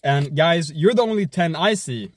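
A man streaming himself eating fast food, joking around, swearing often, and humming between bites. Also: on the high side, expressive. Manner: hyped, joking, swears a lot, chews and hums between bites.

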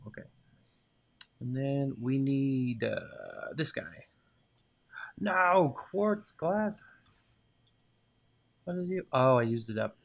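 Man, unhurried game commentary, gravelly voice, mutters and cheers, mouse clicks behind. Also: medium pitch, expressive, lo-fi sound. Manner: talks to himself and the game items, muttering and cheering. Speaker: gaming video host. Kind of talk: casual let's-play commentary.

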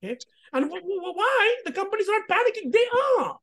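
A woman hosting a casual commentary vlog, talking in an animated, emphatic way with rhetorical questions and restarts. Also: very high-pitched, fast. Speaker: host.

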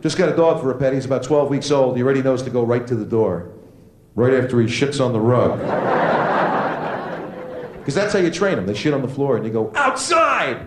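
Brief: man, stand-up comic, crude and animated, live club mic, roomy echo, loud audience behind. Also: brisk, pauses often, crowd noise. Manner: crude, animated, jumps into high squeaky voices for quoted characters. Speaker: stand-up comedian. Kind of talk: stand-up comedy set. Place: comedy club stage with a laughing audience.

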